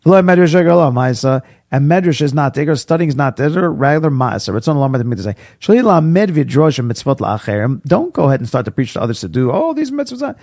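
A man's husky, gravelly voice teaches an informal Torah class in a dry, close recording. He is chatty and animated, weaving anecdotes together with Hebrew quotations. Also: mid-range voice, quick pace, hardly any pauses, no room sound. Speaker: rabbi teaching Pirkei Avos.

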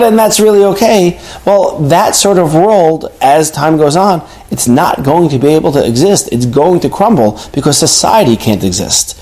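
A man's voice: a little high, lively intonation, normal speed, hardly any pauses, darkish tone, low-quality recording. A man giving a casual, conversational Torah lesson as a rabbi, full of rhetorical questions and Hebrew terms. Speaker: rabbi teaching a daily lesson.

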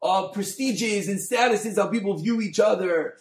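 A man, a rabbi, giving a Torah class on a Mussar text, mixing Hebrew terms into English and swinging from soft to loud. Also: sits high, moderate pace, roomy sound. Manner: expressive, dynamic delivery, swings from soft to loud.

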